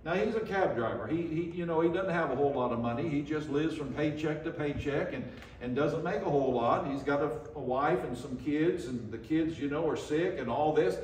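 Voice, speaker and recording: Older preacher, folksy, echoing from afar. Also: male voice, a little high, a little fast, darkish tone, slight background noise. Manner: folksy storytelling, frequent restarts. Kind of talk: sermon. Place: church. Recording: echoey church room, from far off.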